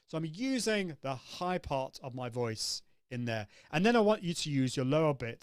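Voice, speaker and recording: A man's voice: a little high, very animated, normal speed, few pauses, clean tone, no room sound, clean studio sound. A man hosting a live online coaching session, upbeat and demonstrative, acting out vocal exercises as he explains them. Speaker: host.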